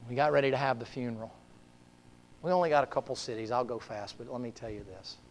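Folksy Southern preacher in a reverberant hall. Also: male voice, medium pitch, fast. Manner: folksy, humorous, swings from hushed to shouting. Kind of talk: storytelling sermon.

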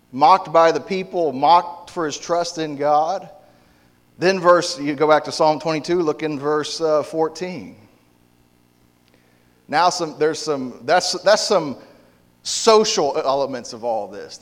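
A male preacher delivers an emphatic sermon, repeating and restarting phrases as he builds his point. His voice sits a little high, and it rings through a large church hall with a long reverb. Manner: emphatic, repetitive, with frequent restarts.

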